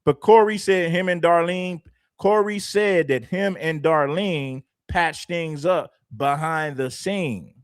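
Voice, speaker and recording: Male commentary host, emphatic and chatty, fairly high voice, dry close sound. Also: slow, clean tone, no echo. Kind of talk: reaction commentary.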